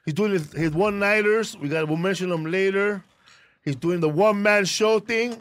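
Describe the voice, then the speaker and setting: A man's voice: high-pitched, moderate pace, a bit bright, no echo. A middle-aged man hosting a podcast in casual, slangy, profane banter, teasing his guests. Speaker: podcast host.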